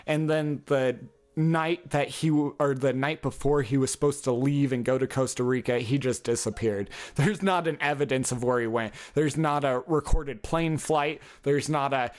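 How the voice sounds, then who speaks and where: A man hosting a podcast alone, rambling casually with heavy swearing and frequent chuckles. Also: a little high. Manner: rambling, heavily profane, chuckles often. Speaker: podcast host. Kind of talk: casual solo podcast monologue.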